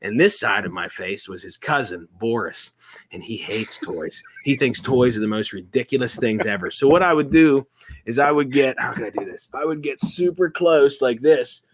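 An animated man telling stories as a toy collector on an interview show. He jokes at his own expense and rambles loosely from one thought to the next. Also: mid-range voice, moderate pace, a crowd in the background. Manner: animated, self-deprecating, rambling with restarts. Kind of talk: casual interview storytelling.

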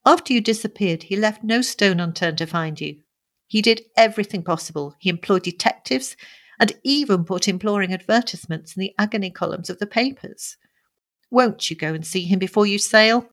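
A woman's voice: medium pitch, brisk, fairly bright tone, natural voice. A woman reading the part of a young society woman, earnest and emotional, pleading and reproachful by turns. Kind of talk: audiobook character reading.

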